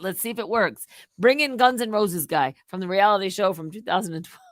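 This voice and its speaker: A middle-aged woman hosting a live stream, rambling casually and swinging between loud outbursts and muttered asides. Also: medium pitch, fairly quick, no room sound, studio quality.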